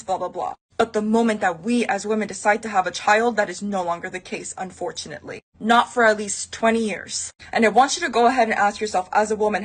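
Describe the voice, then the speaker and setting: A woman giving earnest, lecturing advice in a monologue to camera. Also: medium pitch. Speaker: advice vlogger.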